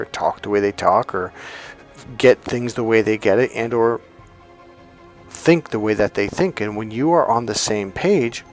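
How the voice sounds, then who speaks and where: A man, a relationship and communication coach, giving a motivational teaching talk and acting out quoted voices as he tells stories. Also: fairly low pitch. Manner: animated storyteller, acts out quoted voices.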